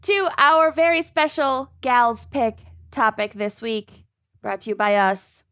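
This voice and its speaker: A woman's voice: a little high, animated, slow, bright, forceful tone, dry recording, studio quality. A woman co-hosting a casual podcast, joking and a bit scattered as she chats. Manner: joking, self-deprecating, scattered. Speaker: podcast co-host. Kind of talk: casual chat.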